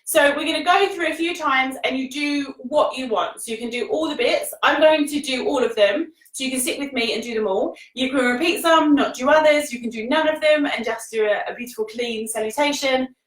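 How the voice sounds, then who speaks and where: Breathy, high-voiced yoga teacher. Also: female voice, a little fast, few pauses. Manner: encouraging, laughs often, casual British phrasing. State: somewhat out of breath while exercising. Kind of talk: live-streamed yoga class instruction. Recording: echoey room, voice from the mic's distance.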